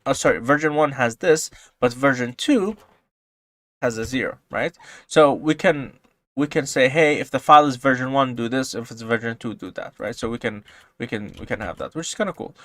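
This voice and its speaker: A man giving a casual coding tutorial, explaining calmly and then breaking into loud, excited outbursts, with frequent swearing. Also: medium pitch, moderate pace, dry recording. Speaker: programming tutorial host.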